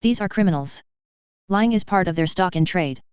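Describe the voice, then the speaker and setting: A woman's voice: lowish voice, animated, normal speed, a little mellow, clean tone, no room sound, muffled recording, close to an everyday voice. A woman reading the lines of a defensive, indignant older male company spokesman.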